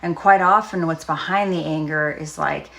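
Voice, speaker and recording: A woman speaking as a trauma recovery coach, talking casually and gently with frequent fillers and pauses. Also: low voice, steady tone, creaky. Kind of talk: casual self-help talk.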